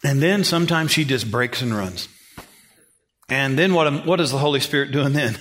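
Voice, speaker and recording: A middle-aged man preaching a sermon in a folksy, animated storytelling way. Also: medium pitch, normal speed, a little hiss or hum. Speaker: pastor.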